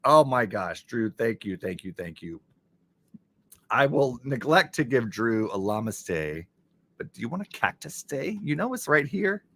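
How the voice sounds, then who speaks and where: A man hosting a casual live stream, reading chat and thanking viewers in an excitable way. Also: medium pitch, measured pace.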